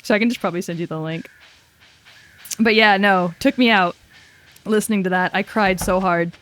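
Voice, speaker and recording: A woman's voice: mid-range voice, moderate pace, fairly bright tone, a little hiss or hum. A young woman streaming and chatting casually with her viewers, loose, giggly and self-mocking. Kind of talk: casual chat with a live chat.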